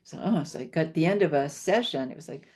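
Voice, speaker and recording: Older woman guest, low mellow voice, earnest and reflective, leans on repetition. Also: lively intonation, a little fast, slightly rough. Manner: earnest, reflective, repeats key phrases for emphasis. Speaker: podcast guest, homeopath. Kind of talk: interview conversation.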